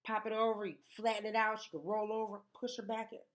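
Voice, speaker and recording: A woman, telling stories in a casual chat, animated and emphatic, often repeating words for effect. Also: mid-range voice, fast talker. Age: 30s.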